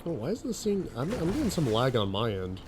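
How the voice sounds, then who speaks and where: A man's voice: mid-range voice, wildly swooping pitch, a little fast. A young man giving casual, chatty commentary while playing a game, rambling and often restarting his sentences. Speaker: gaming commentator. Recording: loud background game noise.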